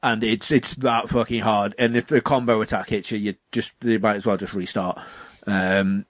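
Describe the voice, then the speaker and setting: A man's voice: lowish voice, steady tone, moderate pace, no echo. A young man, chatting casually and animatedly about video games, swearing freely and acting out what people said.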